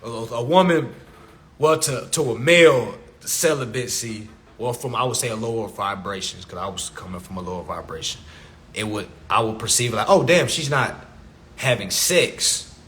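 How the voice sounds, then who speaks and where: A man's voice: lowish voice, a little fast. A man talking on a phone live stream in a casual rant, speaking to viewers directly and acting out what others say. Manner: animated, addresses viewers as y'all, acts out others.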